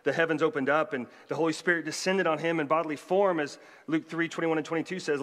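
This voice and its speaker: A man's voice: on the high side, steady tone, quick pace, hardly any pauses, a bit bright. A man, a pastor, delivering a conversational sermon with joking asides to the congregation. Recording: long hall reverb.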